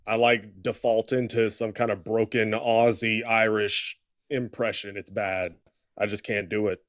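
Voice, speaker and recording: A man's voice: lowish voice, little pitch movement, measured pace, a bit bright, dry recording, studio quality. A man co-hosting a live stream, rambling and joking at his own expense. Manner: rambling, self-deprecating. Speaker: stream co-host. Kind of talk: casual live stream chat.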